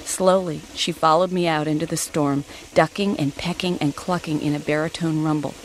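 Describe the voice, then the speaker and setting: Low-voiced lady reading a story kinda deadpan. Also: moderate pace, a little hiss or hum. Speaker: story reader.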